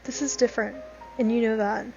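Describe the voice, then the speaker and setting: Lady doing a secretive young guy, urgent, fairly high voice, kinda dull lo-fi sound, faint music. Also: steady tone, brisk, creaky, mellow. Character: secretive protective young man. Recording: slightly dull lo-fi recording.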